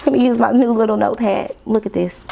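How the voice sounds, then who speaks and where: A woman chatting excitedly to her viewers as she unboxes a gift and tests pens at her desk, calling them "y'all.". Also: fairly high pitch, quick pace, gravelly, slight background noise. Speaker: planner vlogger. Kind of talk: casual unboxing chat to viewers. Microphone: desk camera mic, off camera.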